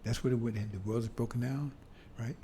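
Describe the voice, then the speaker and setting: A man preaching a sermon to brothers and sisters, talking in a loose, conversational way and often asking "see?" with halting restarts and bursts of emphasis. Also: mid-range voice, steady tone, dark tone, slight background noise. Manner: conversational, repeats "see?" to the congregation.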